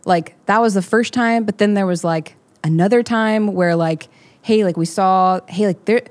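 A woman's voice: medium pitch, normal speed. A young adult woman co-hosting a candid faith podcast, talking in a heartfelt, rambling way with many fillers. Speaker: podcast co-host.

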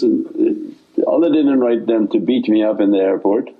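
A man's voice: mid-range voice, steady tone, moderate pace, husky, phone-quality sound. A man teaching in an informal sermon, with meandering speech that repeats itself and loose phrasing. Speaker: religious teacher.

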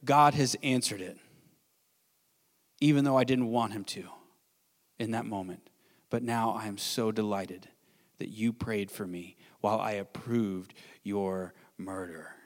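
A man preaching, voicing a grateful, tearful aged apostle in a soft, hushed tone. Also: on the low side, steady tone, unhurried, long pauses, big-room sound, voice pushed down, natural voice. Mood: tender, tearful.

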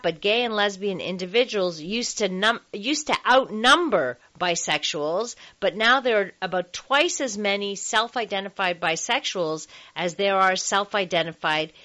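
A woman's voice: mid-range voice, expressive, measured pace, bright, forceful tone. A woman hosting a radio talk show about sex, chatting casually with lots of fillers and easy laughter.

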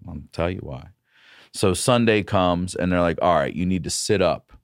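A man, a comedian guest on a podcast, telling a story in a casual, profane and animated way. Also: sits low, moderate pace, dry recording, studio quality.

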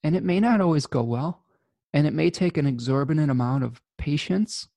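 A man with a mellow, gravelly voice talks in an earnest, halting way, full of fillers and restarts. His words sound dry and close, as if he is alone with the mic in a small room. He speaks as an astrology host. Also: on the high side, animated, dry recording. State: choked up with emotion. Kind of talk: casual spoken monologue.

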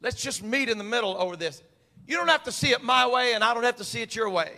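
A male preacher delivering an impassioned sermon, repeating phrases for emphasis and building from soft talk to shouting. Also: extremely high pitch, lively intonation, fast, big-room sound.

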